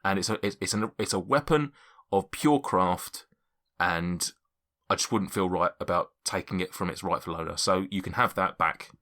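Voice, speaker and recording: A man voicing a gruff, irritable female blacksmith who scolds in an exasperated way. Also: deep voice, moderate pace, sharp tone. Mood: grudging.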